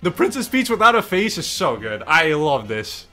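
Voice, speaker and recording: A young man reacting to memes in casual commentary, excitable and mock-exasperated, swearing and laughing often. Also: fairly high pitch, normal speed. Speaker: YouTube meme reactor. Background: faint background music.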